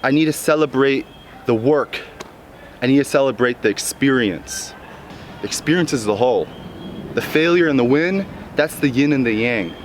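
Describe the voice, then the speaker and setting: A man telling personal stories in a reflective vlog, earnest, moving between calm musing and bursts of excitement, recorded outdoors in a park. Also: medium pitch, moderate pace, a little hiss or hum. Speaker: vlogger. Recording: music playing over the voice.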